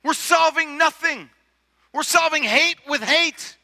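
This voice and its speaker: A man's voice: very high-pitched, takes it slowly, sharp tone. A male pastor preaching a sermon in a conversational way, asking rhetorical questions and often repeating his words. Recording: long hall reverb.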